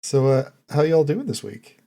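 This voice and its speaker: A man's voice: on the high side, very animated, normal speed, creaky, dark tone. A man hosting a podcast, introducing his co-hosts and chatting in an easygoing, casual way. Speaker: podcast host. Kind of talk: casual chat.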